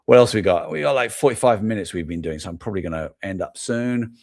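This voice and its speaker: A man's voice: fairly low pitch, expressive, quick pace, vocal fry, darkish tone. A middle-aged man with an English accent, hosting a toy show in a loose, rambling live chat, thinking aloud and amused at himself. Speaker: toy podcast host. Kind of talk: casual live-stream chat.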